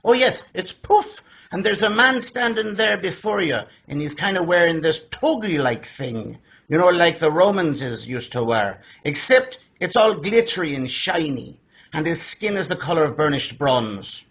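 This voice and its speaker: A man hosting a podcast interview, playful and storytelling, often stumbling over his words, with a husky voice, recorded in dull lo-fi. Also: a little high, animated, normal speed, fairly bright tone. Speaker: podcast host.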